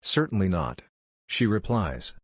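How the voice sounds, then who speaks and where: Deep-voiced man telling jokes deadpan. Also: measured pace, breathy edge, dry recording, studio quality. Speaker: joke narrator. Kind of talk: reading jokes aloud.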